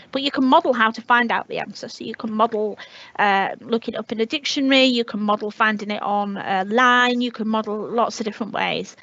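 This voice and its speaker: A woman's voice: on the high side, a bit bright. Chatty northern English woman teacher, muffled. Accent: northern English, Leeds. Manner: chatty, anecdotal, many restarts. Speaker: language teacher. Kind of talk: webinar talk.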